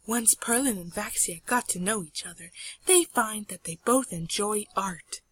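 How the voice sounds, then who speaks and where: A young woman sarcastically narrating her old home-made animation, playful, often dropping to quiet mumbles and whispers. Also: medium pitch, expressive, measured pace, slightly rough, low-quality recording.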